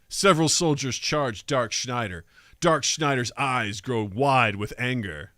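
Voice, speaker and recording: A man's voice: mid-range voice, a little slow, pushed and bright, no room sound, clean studio sound. A man co-hosting a comedy podcast, narrating an anime parody with sarcastic asides and rambling jokes.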